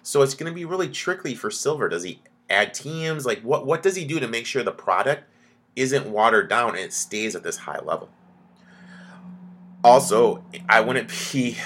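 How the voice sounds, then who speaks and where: Young guy with a lowish voice on his betting podcast, blunt, cussing, ranting away. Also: bright, forceful tone. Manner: blunt, swears a lot, ranting. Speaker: sports betting podcast host. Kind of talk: solo podcast rant.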